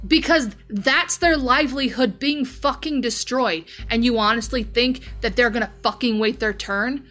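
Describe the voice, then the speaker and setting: A woman's voice: on the high side, measured pace, fairly bright tone, faint music behind. Profane woman ranting on her podcast. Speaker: podcast host. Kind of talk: news commentary podcast.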